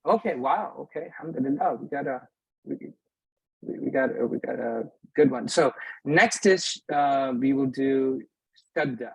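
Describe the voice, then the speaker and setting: A man's voice: mid-range voice, moderate pace, gravelly, darkish tone, slightly rough, dry recording, poor audio. A man teaching beginners in a live class, patient, often checking that his students follow. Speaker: Arabic teacher. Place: mosque classroom.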